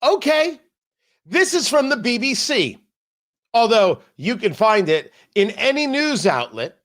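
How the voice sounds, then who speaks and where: A man's voice: very high-pitched, big pitch swings, unhurried, a bit bright. A man hosting a political talk show, delivering an emphatic, sarcastic commentary monologue full of jokey asides. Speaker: radio talk show host.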